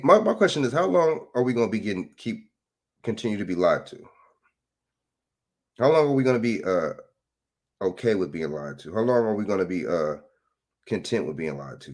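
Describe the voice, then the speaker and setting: A man's voice: fairly low pitch, very animated, normal speed, long pauses, a little mellow. A man, ranting casually into a phone, rambling and profane with repeated rhetorical questions. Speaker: commentator. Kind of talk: casual political rant.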